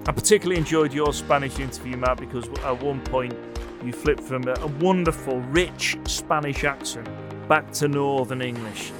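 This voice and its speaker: A man hosting a sports podcast in casual chat, his voice sitting in an ordinary middle pitch. He banters and teases his co-host, with faint music under the talk. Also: moderate pace. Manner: jokey, teasing banter.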